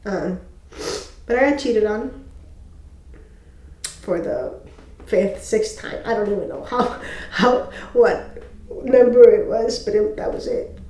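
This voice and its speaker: A young woman talks to camera in a personal faith testimony, emotional and halting, often pausing and restarting. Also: mid-range voice, mellow. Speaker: faith video host. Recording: echoey room.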